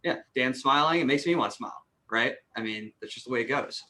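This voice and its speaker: A man joining in a team training session, relaxed and agreeable. His voice sits at a middle pitch with a bright, clear edge. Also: fast. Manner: easygoing, agreeable. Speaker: real estate agent in training. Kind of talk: casual chat in a team meeting.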